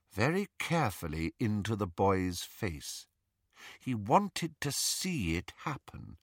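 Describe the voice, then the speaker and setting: An audiobook reader giving dramatic, expressive scripted narration. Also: medium pitch, no echo, studio quality.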